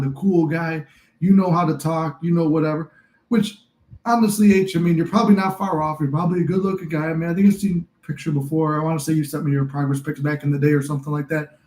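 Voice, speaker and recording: A man's voice: fairly high pitch, dark tone, roomy sound, poor audio. A young adult man hosting a casual live stream, giving rambling, encouraging advice. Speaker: livestream host and manifesting coach.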